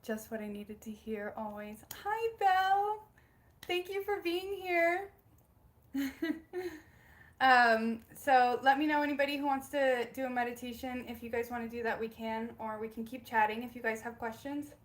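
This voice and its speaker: A bubbly young woman chats casually on a livestream from her home. She laughs often and greets viewers warmly by name. Her voice sits a little high. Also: moderate pace. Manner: bubbly, giggly, reads out viewer names. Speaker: spiritual livestream host. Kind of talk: casual live-stream chat.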